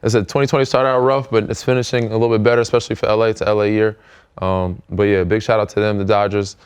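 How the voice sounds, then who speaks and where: A man's voice: fairly low pitch, fast, smooth. An American man in his thirties, a podcast host chatting casually with plenty of fillers. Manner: relaxed, rambling, many fillers. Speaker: podcast host, pro basketball player. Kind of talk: casual chat.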